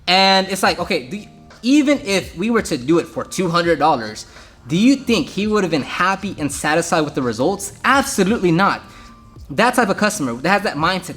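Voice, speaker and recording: Brief: young man, quick and a touch high-pitched, casual business-advice talk with soft music underneath. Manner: animated storytelling, acts out customers, frequent restarts. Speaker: detailing business owner and coach.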